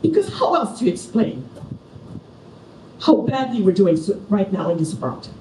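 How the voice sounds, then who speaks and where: A woman's voice: medium pitch, very animated, normal speed, a little mellow, a little hiss or hum. A middle-aged woman from Senegal giving a passionate, personal keynote speech at a conference. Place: large conference hall. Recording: echoey hall from far off, faint ambience.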